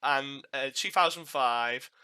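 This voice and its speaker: A man's voice: mid-range voice, slow pace, bright, forceful tone, clear, resonant tone. A man from Liverpool with a toned-down Liverpool accent, hosting a podcast interview in a casual way, often stammering and repeating words. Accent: Liverpool, softened. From Liverpool, England. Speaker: podcast host.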